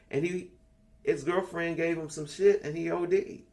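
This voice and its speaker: Leading an online spiritual class, a sixty-something man tells stories in a blunt, casual, freely profane way. His voice is high, steady in tone, and fairly quick.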